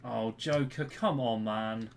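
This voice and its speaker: A man's voice: mid-range voice, takes it slowly, gravelly, slight background noise. A British man streaming a game live, grumbling and swearing at his teammates' play. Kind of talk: live gameplay commentary.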